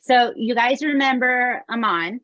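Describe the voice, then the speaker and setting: A woman co-hosting a podcast, chatting in an expressive way and often asking "right?". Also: fairly high pitch, unhurried, no echo, dull audio. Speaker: podcast co-host. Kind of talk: casual chat recapping a show.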